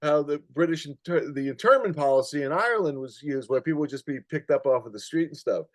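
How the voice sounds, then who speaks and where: A man with a somewhat high voice tells stories as an interview guest, animated and swearing freely. The sound is dry and close, with no room around it. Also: fast talker, no room sound. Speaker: guest, activist writer. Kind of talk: casual storytelling in interview.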